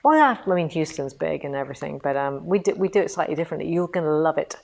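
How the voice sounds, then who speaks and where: A woman's voice: sits low, lively intonation, fast talker, creaky, a little mellow. A woman hosting a casual live stream from an indoor showroom, chatty and bubbly, laughing often. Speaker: host.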